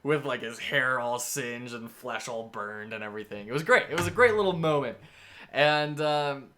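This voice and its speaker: Bright-voiced enthusiastic game master. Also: male voice, medium pitch, lively intonation, moderate pace. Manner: enthusiastic, rambling storytelling. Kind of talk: casual game-prep talk.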